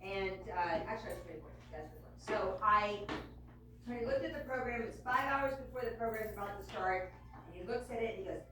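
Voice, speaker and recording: A woman telling a lively story to an audience, acting out the voices of the people in it and laughing often. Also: medium pitch, fast talker. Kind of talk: animated storytelling on stage. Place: event hall with live audience. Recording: echoey hall from far off with music.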